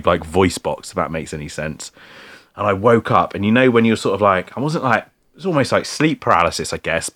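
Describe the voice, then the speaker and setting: A man with a very low voice tells a story in a relaxed chat. He rambles, restarts, and leans on "like" and "mate" throughout. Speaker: podcast co-host telling a story. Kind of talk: casual chat.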